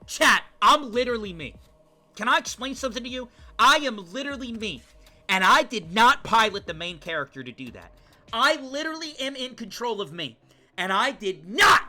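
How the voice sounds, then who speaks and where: A male streamer reacts live to a game, ranting loudly and swearing in exasperation. His voice sits very high and sounds sharply bright, swooping widely in pitch. Faint game music runs underneath. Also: animated, moderate pace. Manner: loud, exasperated, swearing rants.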